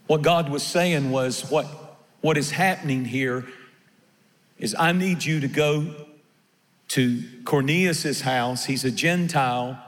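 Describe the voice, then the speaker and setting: A man's voice: mid-range voice, unhurried, long reverb tail. A male pastor preaching a sermon, emphatic and given to repeating his words as he tells stories.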